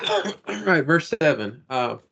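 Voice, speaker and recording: A man with a low, gravelly voice reads scripture aloud in class very slowly, stopping often between the Greek words. He sits off the microphone, so his voice comes through distant and lo-fi. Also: lively intonation, bright, forceful tone. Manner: slow, halting reading of Greek with pauses. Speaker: class member reading aloud.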